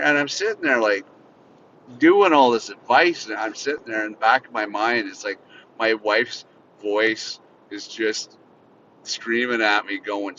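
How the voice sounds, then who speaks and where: A man's voice: normal speed, bright, forceful tone. A man hosting a podcast from inside a car, bitterly venting in an unscripted, profane solo rant. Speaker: podcast host. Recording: slightly muffled, faint vehicle rumble.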